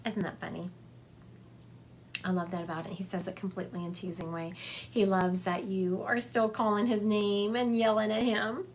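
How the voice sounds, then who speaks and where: A woman's voice: medium pitch, level tone, moderate pace, slight background noise. A woman psychic medium giving a chatty livestream reading, relaying and acting out spirit messages for her viewers. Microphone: phone livestream.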